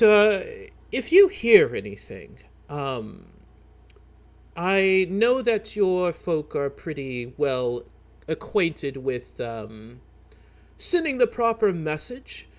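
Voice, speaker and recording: A man voicing a worried, overly polite male shopkeeper in a tabletop game, speaking haltingly. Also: medium pitch. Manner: hesitant, halting, overly courteous.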